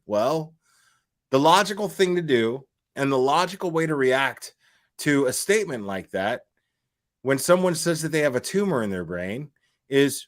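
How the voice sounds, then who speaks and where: A man with a fairly high voice, talking off the cuff on a live stream. He rants with a lot of swearing and a mocking edge, stringing thoughts together with constant fillers. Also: sing-song, measured pace. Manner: profane, mocking, lots of "like" and "you know". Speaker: livestream host. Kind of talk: casual live stream rant.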